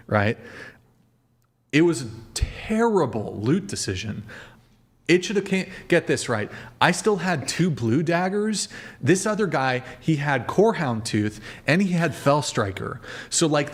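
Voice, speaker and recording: A man hosting a livestreamed podcast in an easygoing, loose way. His voice sits at an ordinary middle pitch, and he rambles along, dropping swear words and speaking straight to the chat. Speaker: podcast host.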